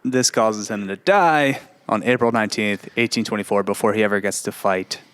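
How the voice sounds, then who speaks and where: Smooth-voiced laid-back male podcast narrator. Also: fairly low pitch, normal speed, a bit bright. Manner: laid-back, recounts history with fillers. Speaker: podcast host presenting the history. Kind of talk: casual storytelling chat.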